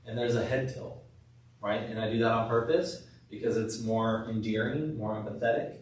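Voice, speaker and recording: A man leading a sales training session, acting out calm, empathetic lines he uses with patients. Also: fairly low pitch, moderate pace, slight background noise. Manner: demonstrates scripted patient talk, soft empathetic tone. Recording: echoey room from far off.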